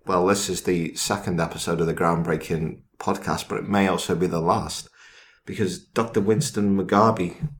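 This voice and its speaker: Mock-serious low-voiced male host. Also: steady tone, normal speed, few pauses. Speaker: podcast co-host. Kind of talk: casual comedy chat.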